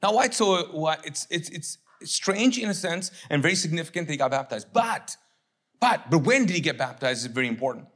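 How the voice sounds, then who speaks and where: Joking, high-voiced male pastor. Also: animated, brisk, a bit bright. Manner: joking, conversational, acts out voices of others. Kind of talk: sermon.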